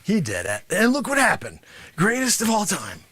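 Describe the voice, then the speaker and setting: A man playing a brash, greedy male martial arts sensei in an improvised comedy bit, boasting and berating his students with loud shouted bursts. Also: sits high, wildly swooping pitch, moderate pace, breathy edge, dry recording, voice pushed down, heavily acted. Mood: boastful. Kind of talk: improvised comedy character monologue.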